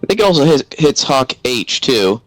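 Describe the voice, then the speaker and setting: Man player, mid-pitched voice, dry close sound, methodical rule talk. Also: very animated, moderate pace, no room sound, faint music behind, poor audio. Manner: methodical, explaining rules step by step. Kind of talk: casual tabletop game play.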